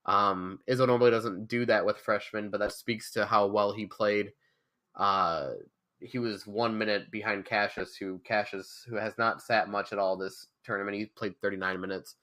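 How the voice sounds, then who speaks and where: Bright-voiced man talking college hoops. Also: on the low side, steady tone, moderate pace. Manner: rambling, fan-style basketball breakdown with sarcasm. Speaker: podcast co-host. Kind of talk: casual sports podcast chat.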